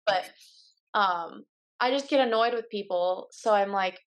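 A woman's voice: medium pitch, a little slow. Blunt young woman in casual chat. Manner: blunt and candid, acts out quoted lines in her own voice. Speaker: podcast guest.

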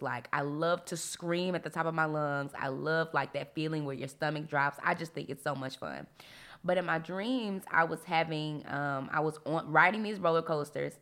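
A young woman hosting a devotional podcast, chatty and animated with preacher-like emphasis and frequent laughs. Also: lowish voice. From Texas. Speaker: podcast host and faith coach. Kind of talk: casual devotional podcast talk.

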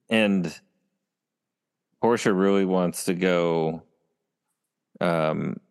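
A man's voice: sits low, extremely slow, gravelly, clean tone. A man co-hosting a casual TV recap chat, retelling scenes in a meandering way. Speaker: podcast co-host. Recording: long reverb.

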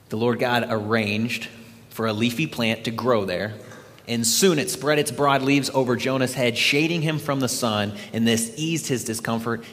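A man preaching a sermon, retelling a scripture story in an animated storytelling way. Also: medium pitch, big-room sound. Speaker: pastor.

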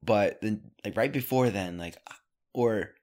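A man's voice: fairly low pitch, a little slow, a little mellow. A man co-hosting a podcast, chatting casually with a loose, laughing manner. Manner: chatty, laughing, lots of "like" fillers.

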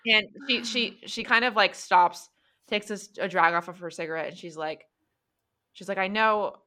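A woman runs a tabletop game as game master. She narrates loosely, full of fillers, in a bright, tense voice. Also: lowish voice, moderate pace.

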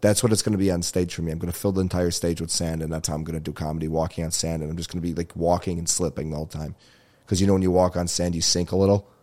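A man's voice: deep voice, little pitch movement, racing, dark tone. A male comedian hosting his own podcast, telling rambling stories with swearing and laughter. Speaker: podcast host. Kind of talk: casual comedic monologue.

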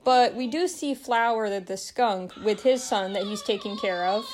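A woman's voice: medium pitch, moderate pace, a little hiss or hum. A young woman talking casually on a vlog, rambling and chatty, often breaking into laughter. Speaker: vlogger reviewing a film. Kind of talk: casual chat.

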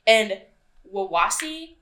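A woman hosting a casual true-crime podcast, chatty and quick to swear and laugh. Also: mid-range voice, very animated, pushed and bright. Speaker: podcast host.

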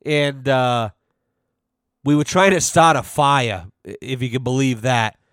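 A man's voice: mid-range voice, a little slow, fairly bright tone, smooth, dry recording. Podcast host, man, loose rambling anecdotes, resonant voice, dead-dry recording. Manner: rambling, profane, heavy on "you know". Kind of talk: casual storytelling.

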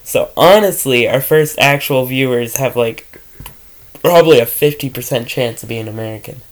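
A man rambles through a casual podcast chat, cracking jokes and swearing freely. He slips into quick imitations of other people. His voice sits at an everyday mid pitch. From Canada. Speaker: podcast co-host.

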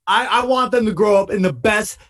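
A man's voice: high voice, fairly quick, fairly bright tone. A man hosting a podcast in casual, laid-back chat, calling everyone "dude". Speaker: podcast host.

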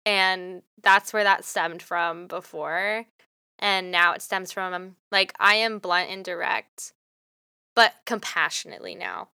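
Young woman host, blunt and fired up, bright and crisp, dry close mic. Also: on the low side, steady tone, takes it slowly, no echo. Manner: blunt, passionate, swears freely. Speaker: podcast host. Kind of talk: solo motivational podcast.

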